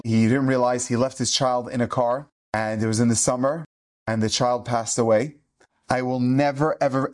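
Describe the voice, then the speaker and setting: A middle-aged man, a rabbi, giving an earnest inspirational eulogy, telling stories with Hebrew and Yiddish terms mixed in. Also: mid-range voice. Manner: acts out quoted speech in lively shifting voices.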